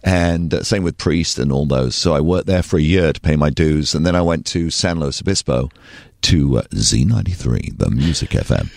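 Very deep-voiced English man telling stories. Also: moderate pace, vocal fry, no room sound, clean studio sound. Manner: animated, emphatic storyteller. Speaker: radio DJ guest. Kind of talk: casual interview storytelling.

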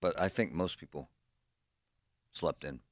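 A middle-aged man co-hosting a radio talk show, telling stories in an animated, ranting way. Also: very deep voice, unhurried, dry recording, studio quality. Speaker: radio co-host. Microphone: studio microphone.

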